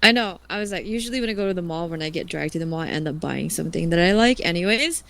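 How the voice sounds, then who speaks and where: A woman's voice: fairly low pitch, quick pace, creaky. Woman telling a story on a live stream. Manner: animated, swears freely, acts out other people's lines in quotes.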